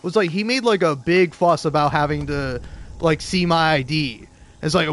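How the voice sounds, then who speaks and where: A man's voice: on the high side, moderate pace, a bit bright. A young man telling a casual, rambling anecdote full of restarts, fillers and swearing. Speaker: podcast host.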